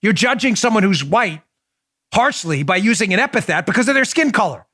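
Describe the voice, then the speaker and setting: A man hosting a political talk show, delivering animated, mocking commentary with big swings in his voice. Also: high-pitched, fairly quick, dry recording, clean studio sound. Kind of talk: opinionated commentary.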